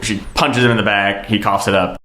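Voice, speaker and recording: A man's voice: on the low side, fairly quick, heavy background noise. Man retelling a film, roomy sound. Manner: animated storytelling, voices quoted lines, laughs at own jokes. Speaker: comedian retelling a movie plot. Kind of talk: comedic podcast chat.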